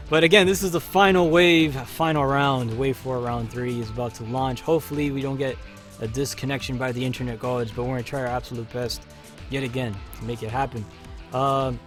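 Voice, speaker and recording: A man hosting a live stream and commenting on his gameplay, chatty and excitable, calling his teammates comrade. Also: medium pitch. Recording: faint game music behind.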